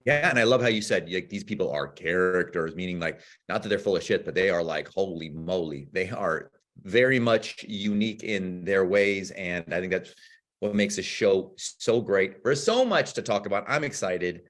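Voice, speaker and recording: A man co-hosting a podcast in casual chat, excitable and quick to swear, acting out his own reactions. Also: low-pitched. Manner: excitable, rapid bursts, swears, acts out yelling. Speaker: podcast co-host.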